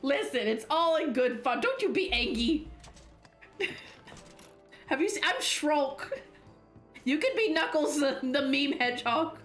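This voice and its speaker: A young woman streams a game in casual let's-play chat, giggling and laughing constantly as she talks. Her voice is high with lively intonation, a little slow, with long pauses, and soft music plays behind her.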